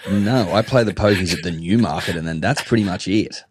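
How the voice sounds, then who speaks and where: A man's voice: sits low, fairly quick, slightly rough. A man chatting casually on a podcast, blokey and sweary, calling everyone mate. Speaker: podcast co-host. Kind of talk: casual chat.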